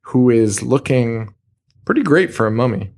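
A man's voice: mid-range voice, animated, normal speed, darkish tone. Male podcast co-host, mid-range voice, loose and jokey recap delivery with frequent laughter. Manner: joking, swearing, laughs often. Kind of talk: casual chat recapping a horror episode.

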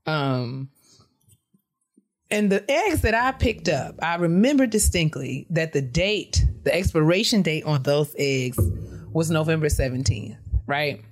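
Animated woman co-host telling stories. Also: deep voice, a little slow. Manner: animated storyteller, acts out quotes with laughter. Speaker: podcast co-host. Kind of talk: casual chat.

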